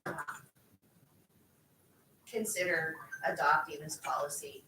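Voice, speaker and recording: A woman teacher making a halting, emotional public comment at a school board meeting, with many fillers. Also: deep voice, pushed and bright, a little hiss or hum. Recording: echoey room from far off.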